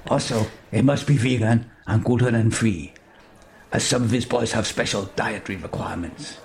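A man plays a soft-spoken, matter-of-fact translator in a spoken comedy story, dropping his voice low and quiet. Lines come out measured and even, with a faint hiss in the background. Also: gravelly. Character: learned grown male sailor-translator, calm and matter-of-fact.

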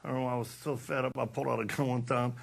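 Speaking rapid-fire with a flat delivery and vocal fry, this middle-aged man preaches a passionate sermon at medium pitch over background noise. He acts out stories with laughter and repeats lines for emphasis, so the talk is an impassioned sermon built on storytelling.

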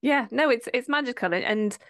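A woman's voice: a little high, brisk, a bit bright. A woman co-hosting a podcast, chatting in a friendly, conversational way. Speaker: podcast co-host. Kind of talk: casual chat.

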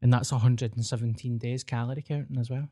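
A man's voice: medium pitch, fairly even intonation, quick pace, dark tone. A man with a Scottish accent co-hosting a podcast, chatting casually, blunt and jokey, swearing freely. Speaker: podcast co-host. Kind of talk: casual chat.

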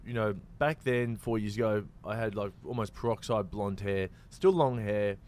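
A man's voice: lowish voice, normal speed, a little mellow. A man with an Australian accent, a comedian and actor, talking in a loose, rambling way full of fillers and restarts. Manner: laid-back, rambling with many fillers and restarts. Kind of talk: casual chat.

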